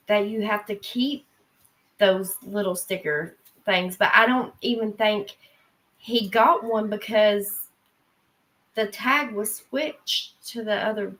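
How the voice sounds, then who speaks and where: Slow-talking woman rambling through a story. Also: mid-range voice, a bit bright, rough recording. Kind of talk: casual chat.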